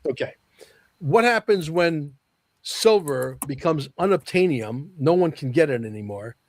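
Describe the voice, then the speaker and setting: A man with a fairly high voice talks in a casual podcast conversation, pressing his points with firm emphasis and repeating them. The sound is dry and close, with no room around it. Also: lively intonation, measured pace, no room sound. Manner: emphatic, repeats key phrases, confident predictions. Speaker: podcast guest.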